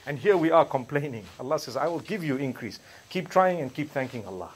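A man's voice: a little high, animated, a little fast, husky. A man giving a Friday sermon, preaching emphatically with rhetorical questions and recited Arabic verses.

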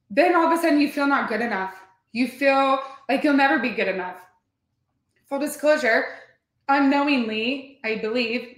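A woman's voice: high-pitched, a bit bright, roomy sound. A woman hosting a motivational workshop, talking earnestly and emphatically, often repeating herself. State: near tears at times. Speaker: workshop host and coach.

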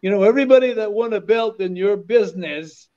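A lively male storyteller from Canada who is a guest on a podcast, repeating phrases for emphasis. His voice sits high, and the recording is dull and lo-fi. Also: a little fast. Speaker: podcast guest, former wrestler. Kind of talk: animated storytelling. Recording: dull lo-fi audio.

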